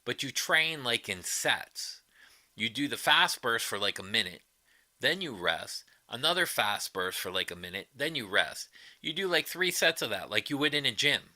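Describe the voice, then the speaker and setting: A man's voice: mid-range voice, very animated, normal speed, bright, forceful tone, no echo. Blunt, swearing man on a livestream. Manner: blunt, profane, rambling opinions. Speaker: livestream host. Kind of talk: casual livestream chat, reading viewer comments.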